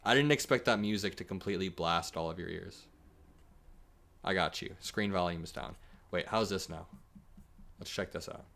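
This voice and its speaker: A man's voice: sits low, moderate pace, gravelly, pauses often, a little hiss or hum. Joking male livestream commentator. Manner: energetic, joking, laughs often. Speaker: political commentary streamer.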